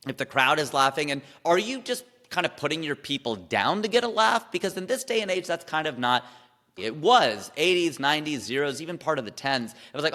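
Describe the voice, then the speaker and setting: A comedian chats in a casual interview, animated and tossing off quick asides. His fairly high voice is bright and forceful, carrying a long reverb as if he's in a large space.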